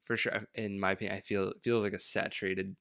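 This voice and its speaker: A man's voice: sits low, level tone, fast, a bit bright, smooth, dry recording, clean studio sound. A young man co-hosting a podcast in a laid-back, casual way, swearing freely. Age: young adult. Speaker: podcast co-host. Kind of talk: casual chat.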